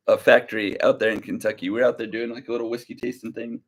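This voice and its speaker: A relaxed young man chats his way through a livestream, his mid-range voice easy and unhurried. He drifts from story to story and answers viewer comments in a slow, laid-back way, with a light drawl. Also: mid-range voice. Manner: relaxed, rambling, reads viewer comments aloud. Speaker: livestream reseller host. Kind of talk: casual livestream chat.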